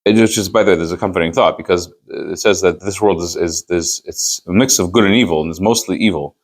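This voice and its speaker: A man's voice: low-pitched, fast talker. Man teaching a rabbinic text. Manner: reads Hebrew text, then explains it in English with emphatic rhetorical questions. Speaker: rabbi teaching a Chassidus class. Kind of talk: Torah study class, reading and translating a text.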